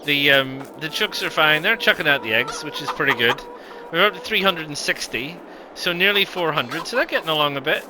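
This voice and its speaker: A man's voice: a little high, animated, a little fast, over music, poor audio. A man giving casual, rambling gameplay commentary, with lots of ums and self-corrections. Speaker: gaming video host.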